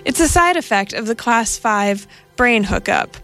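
A woman reading the lines of a polite, smug male android who calmly lectures. Faint music plays behind her. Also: fairly high pitch, measured pace. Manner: calm, polite, reasoning tone.

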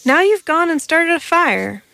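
A woman's voice: extremely high pitch, sing-song, a little slow, gravelly, sharp tone, pitched above the performer's own voice, heavily acted. A woman voicing a cautious, conscientious male alien hunter who protests anxiously. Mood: worried.

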